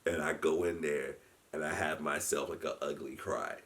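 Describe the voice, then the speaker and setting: A man telling a story in a casual chat. He is animated, often laughs and restarts his sentences. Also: extremely low pitch, moderate pace. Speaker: guest storyteller, convention founder.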